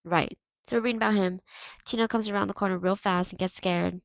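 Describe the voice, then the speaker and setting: A woman's voice: mid-range voice, fairly even intonation, fast, gravelly, no room sound, muffled recording, lightly acted. A woman reading aloud and voicing a cocky, mocking teenage boy who leads the soccer team. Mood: swaggering. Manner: taunting, swaggering.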